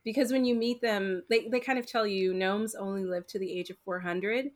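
A woman's voice: medium pitch, fairly even intonation, moderate pace. A woman co-hosting a podcast in casual chat, rambling and filling gaps with "like" and "um". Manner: rambling, heavy use of "like" and "um". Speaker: podcast co-host.

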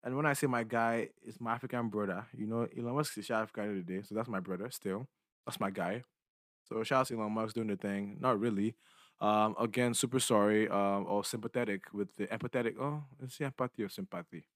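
Laid-back young podcast host, lowish voice. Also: male voice, brisk, fairly bright tone, no echo, studio quality. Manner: loose, slangy, rambling, keeps asking "you get me". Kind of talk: casual solo podcast monologue.

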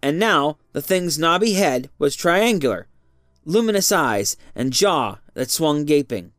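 A narrator giving an expressive reading of a story. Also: mid-range voice, unhurried, no room sound, clean studio sound.

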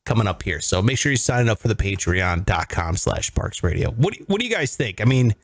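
A man's voice: lowish voice, big pitch swings, brisk. A man in his thirties hosting a casual podcast, joking and teasing his co-hosts in banter. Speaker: podcast host.

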